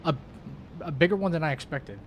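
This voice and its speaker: A man's voice: fairly high pitch, brisk, muffled recording, a little hiss or hum. A man streaming a game live, commentating to his chat in an exasperated way and swearing a lot.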